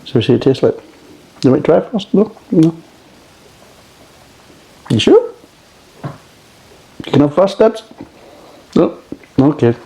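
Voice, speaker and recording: A man's voice: fairly high pitch, very animated, takes it slowly, vocal fry, long pauses, warm tone, low-quality recording. A middle-aged man with a Scottish accent reviewing beer in a blunt, grumbling way and swearing often.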